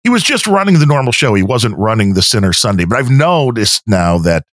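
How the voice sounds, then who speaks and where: Podcast guy with a lower voice, rambles and restarts a lot, dry mic. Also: big pitch swings, a little fast, no room sound. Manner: rambling, self-interrupting. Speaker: podcast co-host and editor. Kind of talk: casual podcast chat.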